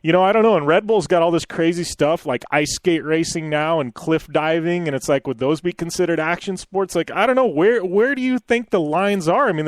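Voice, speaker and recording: A man's voice: fairly high pitch, dry recording. An American man hosting a radio show, chatting in a rambling way with frequent laughs and fillers. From United States. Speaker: radio host. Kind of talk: casual radio chat.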